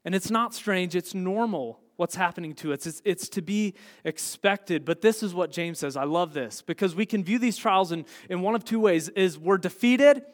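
A man preaching a sermon as pastor, earnest, dropping quiet then rising to emphatic points. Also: sits high, normal speed, hardly any pauses, in a large hall.

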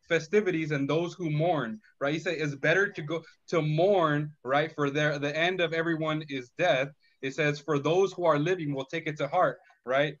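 A man's voice: on the high side, a bit bright. Thoughtful man on a muffled line. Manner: slow, thoughtful, many fillers and "right?" checks. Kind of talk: casual faith discussion.

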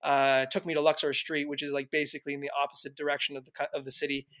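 A man's voice: on the high side, flat delivery, very fast, a bit bright, dry recording, clean studio sound. A man telling travel stories as a guest on a podcast, chatty and loose, laughing often, with lots of fillers and restarts. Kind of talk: casual interview chat.

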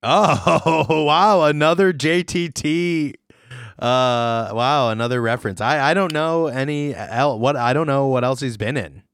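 A man co-hosting a podcast in casual chat, jokey and animated, laughing often. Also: medium pitch, unhurried, clean tone, no room sound. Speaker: podcast co-host.

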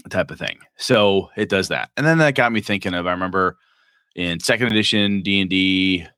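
Deep-voiced guy rambling about rpgs, dry mic. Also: fairly quick, bright, forceful tone, clear, resonant tone, no room sound. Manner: rambling, thinks aloud with restarts. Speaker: podcast co-host. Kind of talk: casual chat about role-playing games.

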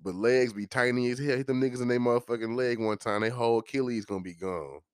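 A man's voice: mid-range voice, fast, smooth, no room sound, clean studio sound. A man hosting a podcast, ranting in a heated, profane and joking way. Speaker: podcast host. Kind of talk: casual podcast rant.

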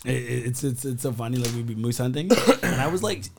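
A young man from the Yukon with a raspy voice, telling laid-back stories as a podcast guest. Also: medium pitch, a little fast, slight background noise. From Yukon, Canada. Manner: laid-back storytelling, frequent laughs. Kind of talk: casual chat.

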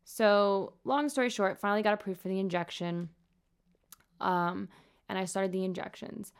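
With a smooth, steady, medium-pitched voice at a moderate pace, a young nurse talks openly about her own health experience. It's casual vlog talk, and she comes across as candid and earnest.

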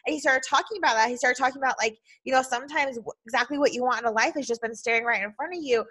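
A woman's voice: high-pitched, racing, sharp tone. A woman hosting a podcast, telling a personal story in a heartfelt, emotional way and saying "like" constantly. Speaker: podcast host.

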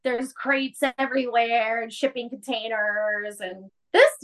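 Animated woman recapping a show. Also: on the high side, a little slow. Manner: animated, acts out quotes, laughs often. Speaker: podcast host. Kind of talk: casual episode recap.

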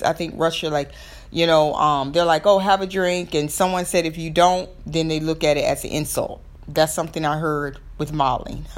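A young woman with a Southern American accent hosts her own podcast in a relaxed, chatty way. Her voice sits a little low for a woman. She rambles, doubles back and fills the pauses with "um" and "like.". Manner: chatty, rambling, frequent fillers and restarts. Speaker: podcast host. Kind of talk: casual solo podcast talk.

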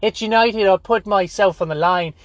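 Man doing a moaning Scouse footballer, high strained whine, stammers, dry close sound. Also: normal speed, no room sound, lightly acted. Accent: Liverpool.

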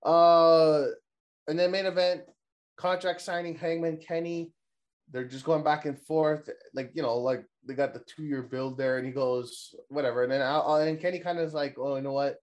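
A man's voice: fairly high pitch, steady tone, normal speed. A young man co-hosting a casual wrestling recap chat, rambling and swearing, laughing often and mimicking wrestlers. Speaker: podcast co-host.

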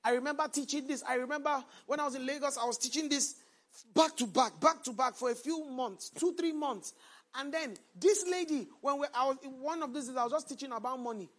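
High-voiced man preaching call-and-response. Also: fairly quick. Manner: call-and-response preaching, prompting the congregation to finish lines; swings between loud emphatic lines and quiet storytelling. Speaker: pastor. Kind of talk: sermon. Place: church before a congregation, also streamed online.

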